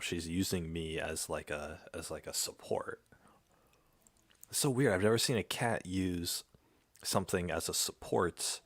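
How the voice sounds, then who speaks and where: A man with a deep voice and a rough, fry-laced texture talks through a casual reaction session. He stays playful, breaking into laughter and talking to his cat. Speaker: online content creator.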